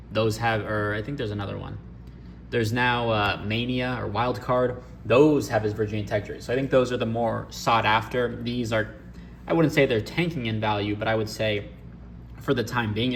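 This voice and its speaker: Gravelly low-voiced man vlogging casually. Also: slight background noise. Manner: chatty, opinionated, rambling asides. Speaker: sports card collector vlogger. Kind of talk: casual vlog chat.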